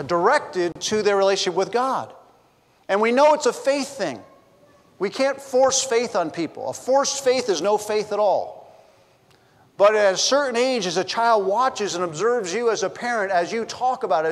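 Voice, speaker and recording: Man pastor, sermon, high-pitched voice, joking asides to the congregation, middle-aged, long church-hall reverb. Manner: storytelling with humor, chatty asides to the congregation. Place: church sanctuary.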